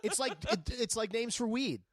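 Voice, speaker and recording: A man's voice: extremely high pitch, normal speed, dry recording. A man guesting on a podcast, chatting in a laid-back, wry way and trailing off with hedges. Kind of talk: casual chat.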